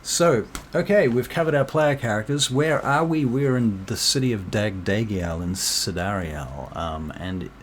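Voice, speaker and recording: A man with a hoarse, worn voice narrating as game master, rambling with fillers and self-deprecating asides. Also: on the low side, a little slow, hardly any pauses, a little hiss or hum. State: losing his voice, clearing throat.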